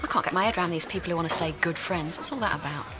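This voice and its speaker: A woman's voice: lowish voice, racing, over loud music, lightly acted. An actress playing a flirty, blunt woman chatting in a pub in a TV soap. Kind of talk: TV soap drama.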